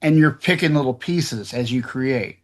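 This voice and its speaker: A man's voice: mid-range voice, lively intonation, moderate pace. A man hosting an interview, chatting casually and affirming his guest. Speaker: podcast host.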